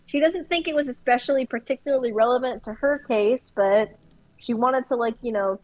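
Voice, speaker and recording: A woman's voice: a little high, a little mellow, no room sound, low-quality recording. A woman player in a tabletop game, rambling in casual chat and swearing freely.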